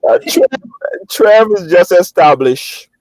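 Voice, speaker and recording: Male call-in host, lively pitch, dry close sound, recaps often. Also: slow pace, dry recording. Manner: recaps for listeners, repeats himself when cutting in. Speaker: talk show host. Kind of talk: live call-in show hosting.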